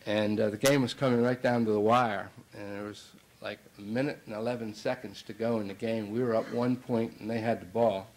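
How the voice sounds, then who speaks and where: A man's voice: fairly low pitch, steady tone, a little fast, few pauses, a little mellow, a little hiss or hum, rough recording. A middle-aged man, a basketball coach, telling a long anecdote in a banquet speech, with many fillers and restarts. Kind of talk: anecdotal after-dinner speech.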